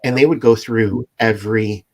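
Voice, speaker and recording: A man's voice: fairly low pitch, steady tone, moderate pace, darkish tone. A laid-back man, a podcast co-host, chatting casually, laughing often and swearing. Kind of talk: casual chat.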